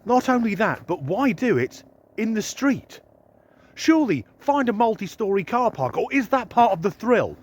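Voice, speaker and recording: A sardonic man in a sweary comic rant, his pitch swinging widely with mock disbelief. His voice sits fairly high for a man. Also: big pitch swings, normal speed. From United Kingdom. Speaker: comedy vlogger.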